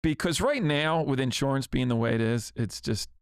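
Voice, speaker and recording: A man's voice: medium pitch, lively intonation, moderate pace, clear, resonant tone, no room sound, clean studio sound. A man co-hosting a business podcast, chatting casually with short agreeing replies and self-deprecating jokes. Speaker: podcast co-host, insurance business owner.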